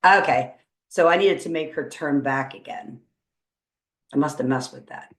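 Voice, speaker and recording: A woman teacher talks through a coding tutorial in a fairly low voice, upbeat and encouraging as she thinks aloud. The room rings around her with a noticeable echo. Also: moderate pace. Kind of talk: screen-recorded coding tutorial. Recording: roomy echo.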